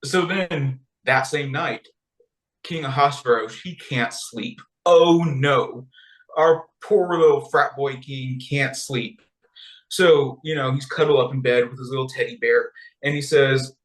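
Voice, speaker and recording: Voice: medium pitch, unhurried, roomy sound, low-quality recording. A podcast co-host retelling a text in a playful, chatty way and laughing often. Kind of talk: casual chat, retelling a text.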